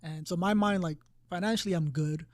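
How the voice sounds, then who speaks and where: Halting, rambling man with a dry sound. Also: high-pitched, no room sound. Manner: rambling, halting with many restarts and fillers. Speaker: podcast co-host. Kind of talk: casual conversation.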